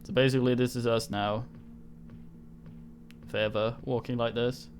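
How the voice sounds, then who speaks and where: A man's voice: medium pitch, flat delivery, moderate pace, pauses often, slight background noise. A man streaming a video game live, giving dry, sarcastic commentary and swearing often. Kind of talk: casual live gameplay commentary.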